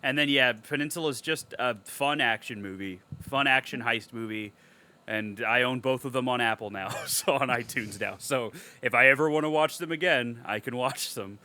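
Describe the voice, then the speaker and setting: Bright-voiced excitable podcast guy. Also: medium pitch, normal speed. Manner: animated, profane, emotional storytelling. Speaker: podcast co-host. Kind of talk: casual podcast chat.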